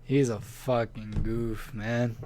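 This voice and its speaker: A young man co-hosting a podcast, telling a story in relaxed slang and laughing often. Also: mid-range voice, slow. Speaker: podcast co-host. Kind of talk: casual chat, storytelling.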